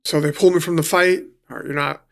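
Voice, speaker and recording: NY man, gravelly and a bit high-pitched, casual guest storyteller who swears a lot. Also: steady tone, fast talker, a bit bright. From New York City. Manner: swears freely, acts out quotes. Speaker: guest, professional fighter.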